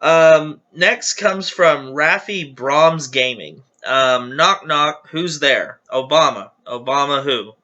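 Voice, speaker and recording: A man's voice: on the high side, slow pace, few pauses, bright, forceful tone, highs cut off. A man hosting his channel, casually reading viewer jokes aloud with chatty, giggly, self-deprecating asides.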